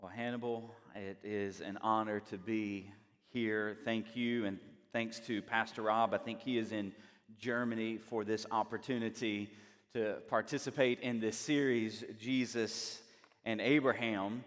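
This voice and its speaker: A man's voice: fairly low pitch, steady tone, measured pace. A man with a Southern US accent, preaching a sermon as a guest speaker in a church, conversational and self-deprecating. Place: church sanctuary. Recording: reverberant church hall.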